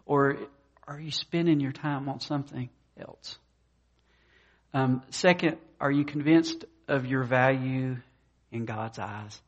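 A man preaching a conversational sermon, talking plainly with many fillers and restarts, and raising his pitch when he voices the people in his stories. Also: fairly even intonation, takes it slowly, highs cut off. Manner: voices quoted characters in a higher pitch. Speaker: pastor.

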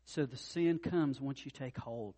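A middle-aged man from North Carolina gives a sermon as pastor, unhurried and earnest. He lets his voice fall soft and low, then builds to loud, impassioned climaxes.

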